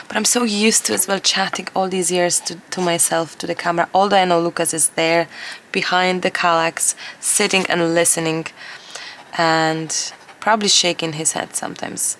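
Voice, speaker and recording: A woman in a casual crafting vlog, talking to camera as she works. Her voice is hoarse and gravelly and sits on the low side. She rambles chattily and laughs often, with a faint hiss in the background. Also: moderate pace, a bit bright. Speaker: collage artist and craft vlogger.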